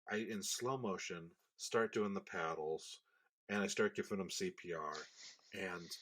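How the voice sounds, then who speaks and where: A man co-hosting a podcast, telling a story in a relaxed, chatty way. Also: deep voice. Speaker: podcast co-host. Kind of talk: casual storytelling.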